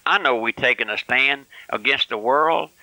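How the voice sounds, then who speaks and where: A man's voice: medium pitch, normal speed, pushed and bright, dry recording, low-quality recording. An older man preaching a fiery, folksy radio sermon with lots of emphatic repetition.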